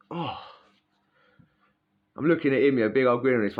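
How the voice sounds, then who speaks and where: Chatty bloke telling a story, lowish voice, muffled recording. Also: male voice, brisk. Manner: chatty, slangy, keeps checking in with "yeah?". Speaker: former prisoner telling a story. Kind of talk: casual storytelling.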